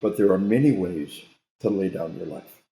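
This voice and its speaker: A man's voice: low-pitched, lively intonation, normal speed, dark tone. A man, a guest military trainer, talking in an emphatic, sermon-like way with frequent restarts. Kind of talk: interview talk, preachy storytelling. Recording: roomy echo.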